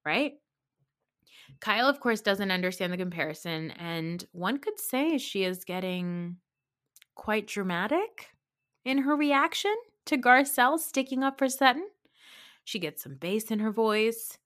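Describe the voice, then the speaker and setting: A woman hosting a podcast, recapping reality TV in a sarcastic, opinionated and animated way. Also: mid-range voice, moderate pace. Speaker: podcast host.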